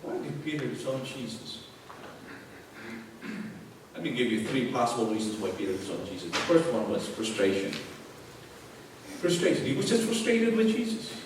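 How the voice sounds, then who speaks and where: A man's voice: medium pitch, sing-song, moderate pace, pauses often, background noise. A man preaching a sermon with passion, driving points home with repeated rhetorical questions. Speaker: pastor. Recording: echoey hall from far off.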